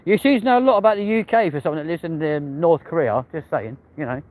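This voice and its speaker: Londoner man with a London accent, slightly high voice, casual joking host reading out comments on a walking stream. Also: quick pace, low-quality recording. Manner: bantering, reading out viewer comments with slangy replies. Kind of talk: casual live-stream chat. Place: outdoors on a busy city street. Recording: loud street traffic noise.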